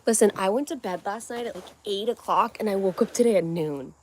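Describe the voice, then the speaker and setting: A woman's voice: mid-range voice, fairly quick, a little mellow, a little hiss or hum. A young adult woman hosting a casual livestream at home, rambling from one topic to the next in a scattered way. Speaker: livestream host.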